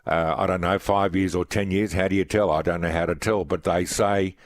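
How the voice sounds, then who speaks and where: A man's voice: deep voice, fairly even intonation, fairly quick, no room sound, studio quality. A man with an Australian accent hosting a radio interview, talking in an earnest, conversational way. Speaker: radio host.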